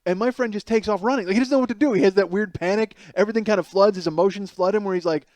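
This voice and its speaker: A man's voice: sits high, rapid-fire, hardly any pauses, no room sound. A middle-aged man hosting a podcast, telling a comedic story with lots of swearing and acting out the people he quotes. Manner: profane, animated, acts out quoted people. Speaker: podcast host.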